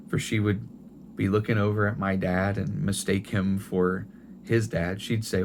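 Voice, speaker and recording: A middle-aged man preaching a sermon in a gentle, tender storytelling way, often restarting his phrases. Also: fairly low pitch, steady tone, moderate pace, creaky, a little hiss or hum. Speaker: pastor.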